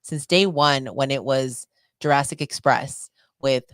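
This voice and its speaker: A young woman co-hosting a podcast, chatting casually and telling animated stories with quoted asides. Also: rumbling low, measured pace, dry recording, clean studio sound. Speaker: podcast co-host. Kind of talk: casual chat.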